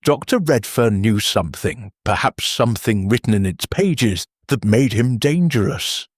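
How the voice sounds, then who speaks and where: A man voicing a shrewd, gentle detective with soft, deliberate questioning. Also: fairly low pitch, animated, dry recording, studio quality. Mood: probing.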